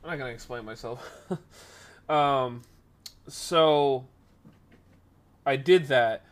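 A man casually telling a rambling workplace story, animated and acting out the voices of the people in it. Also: mid-range voice, slow.

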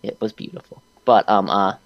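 A man's voice: lowish voice, steady tone, moderate pace, dry recording, dull audio. A young man animatedly retelling a game session in casual chat, laughing and using many fillers. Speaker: podcast co-host recapping a game.

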